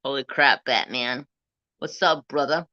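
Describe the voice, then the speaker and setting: Male stream host, easygoing storyteller, bright tone, close dry phone sound. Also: medium pitch, measured pace, no echo. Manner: laid-back storytelling, swears and laughs often. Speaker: livestream crafting host. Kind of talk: casual live-stream chat. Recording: dull lo-fi phone live stream.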